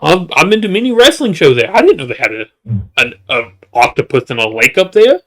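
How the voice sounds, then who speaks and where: Here a male show reviewer talks through a season in a casual recap, a little fast and expressive, with a fairly bright tone. Jokes, asides and restarts pile up as he rambles, eventually rising into high-pitched exasperation.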